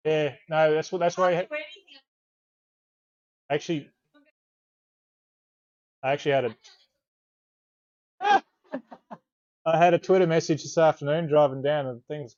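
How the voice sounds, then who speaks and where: A man's voice: mid-range voice, normal speed, pauses often. An Australian man chats loosely and at length, circling back on his own sentences as he tells a story. His voice sits mid-range and comes through a dull, lo-fi call line. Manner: relaxed, rambling storyteller, swears casually. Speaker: author guest. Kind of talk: casual interview chat. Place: video call.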